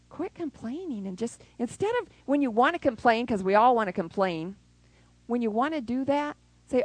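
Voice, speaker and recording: A woman preaching a sermon who acts out prayers and little scenes, even with sound effects. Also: a little high, normal speed, no echo, rough recording.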